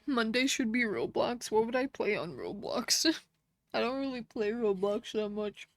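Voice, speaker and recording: A woman streams live and chats casually with her viewers, laughing often as she reads their comments. Her voice sits fairly high and moves a lot in pitch. The sound is dry and close, with no room echo. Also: lively intonation, a little slow. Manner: chatty, laughs often, talks to chat.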